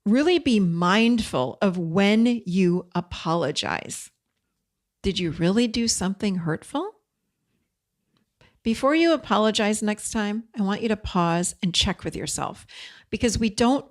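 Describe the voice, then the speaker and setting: A woman hosting an advice podcast, talking in an earnest, direct coaching way and mixing in personal stories. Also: medium pitch. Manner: chatty, frequent "you know". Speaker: podcast host and codependency coach.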